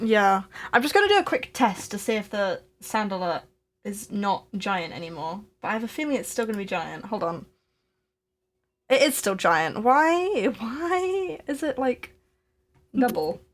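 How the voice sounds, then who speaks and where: A woman's voice: medium pitch, lively intonation, moderate pace. Young woman, crafting-stream co-host, chatty and giggly, casual anecdote delivery with frequent restarts. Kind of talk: casual storytelling chat. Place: home crafting live stream.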